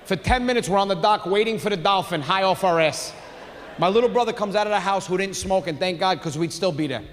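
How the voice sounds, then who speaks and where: High-voiced comedian shouting in a hall. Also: male voice, quick pace. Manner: animated, shouts punchlines, acts out family members. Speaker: stand-up comedian. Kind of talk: stand-up comedy storytelling. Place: large theater stage with audience. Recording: live hall reverb with audience noise.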